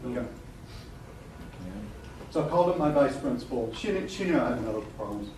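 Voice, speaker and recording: A middle-aged man giving a live seminar talk to an audience. He is animated and blunt, laughs often and swears casually. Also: mid-range voice, fairly quick. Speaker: marketing coach presenting a seminar. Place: event room with a live audience. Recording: echoey room from a distance, noisy.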